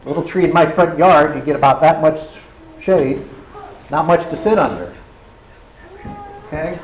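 A man's voice: fairly high pitch, lively intonation, normal speed. Earnest male preacher in an echoey hall. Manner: earnest, checks in with listeners. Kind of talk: sermon. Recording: roomy hall echo, faint noise.

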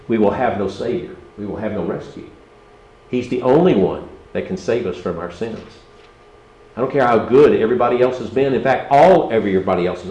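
A man's voice: mid-range voice, warm tone, muffled recording. A man preaching a sermon, impassioned and full of rhetorical questions to the congregation. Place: church. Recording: roomy church hall, faint ambience.

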